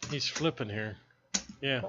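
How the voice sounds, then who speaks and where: A man's voice: medium pitch, unhurried, muffled recording, background noise. A man co-commentating a live poker stream in a conversational way, explaining hands and rules.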